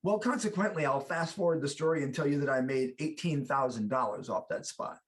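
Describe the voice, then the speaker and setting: A middle-aged American man being interviewed as an actor, chatting casually and telling animated stories with lots of restarts. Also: fairly high pitch, brisk. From United States. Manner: animated storyteller, acts out quoted voices, many restarts. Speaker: guest actor.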